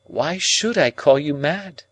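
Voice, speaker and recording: A man reading an audiobook voices a cold, proud young woman with a measured, coolly reasoning delivery. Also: fairly high pitch, expressive, dry recording, pitched above the performer's own voice.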